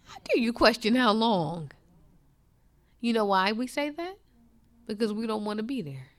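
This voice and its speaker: Impassioned woman preacher, lively pitch. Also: normal speed. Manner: impassioned, swings from loud to hushed. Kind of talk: sermon.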